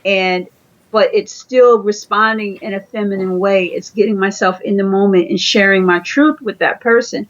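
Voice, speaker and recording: A woman's voice: medium pitch, steady tone, normal speed, muffled recording. A woman being interviewed, giving earnest conversational coaching advice and often repeating her phrases. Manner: earnest, repeats phrases, acts out quoted dialogue. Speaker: interview guest.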